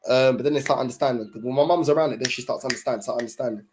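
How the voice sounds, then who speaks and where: A man's voice: mid-range voice, racing, background noise. A young man chatting casually to his livestream viewers, in laid-back, slang-heavy talk full of fillers. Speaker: livestream host.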